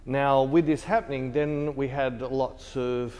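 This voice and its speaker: A British photographer and tutor chats casually behind the scenes in a photo studio, his voice medium-pitched, a little mellow, unhurried and fairly even, echoing in a large hall. While teaching he tells a rambling story and laughs easily.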